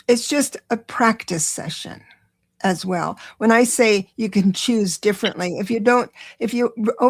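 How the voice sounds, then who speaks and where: Middle-aged woman, gravelly voice, warm chatty live tarot reader who gets excited and speeds up. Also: mid-range voice. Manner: chatty, reassuring, talks to viewers directly; excitable, rushes then slows down. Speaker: astrologer doing live tarot readings. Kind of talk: live-stream tarot reading.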